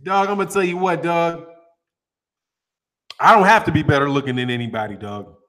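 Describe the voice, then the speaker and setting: High-voiced man chatting loosely. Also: fairly quick, a bit bright. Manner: loose and slangy, laughs often. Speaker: boxing channel host. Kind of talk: casual chat.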